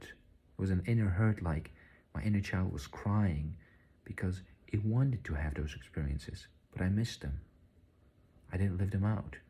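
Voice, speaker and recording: A man telling an earnest, confessional personal story, halting and repeating words, sometimes dropping to a near-whisper. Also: low voice, dark tone, slight background noise. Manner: drops at times to a breathy near-whisper. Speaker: spiritual vlogger.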